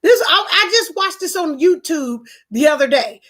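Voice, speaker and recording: A woman's voice: very high-pitched, lively intonation, normal speed, a bit bright. A woman hosting a live stream from home, telling a personal story to her viewers and reading their comments in an earnest, repetitive way. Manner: earnest, repetitive, restarts often.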